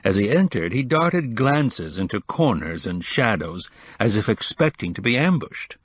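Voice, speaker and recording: A man reading an audiobook in a measured, even scripted narration. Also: on the low side, slightly rough.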